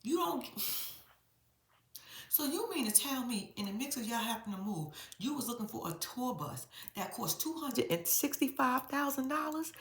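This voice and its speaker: A woman giving a blunt, profane, animated recap of a reality show, talking straight to her viewers in a casual vlog. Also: on the high side, unhurried, reverberant. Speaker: reality TV commentator.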